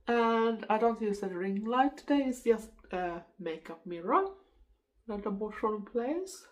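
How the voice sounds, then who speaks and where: A woman's voice: mid-range voice, rough recording. A Swedish woman in her fifties, a native Swedish speaker, chatting casually through a makeup tutorial in a rambling, laughing way. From Sweden. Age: 50s. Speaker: makeup vlogger. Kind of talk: casual get-ready-with-me chat.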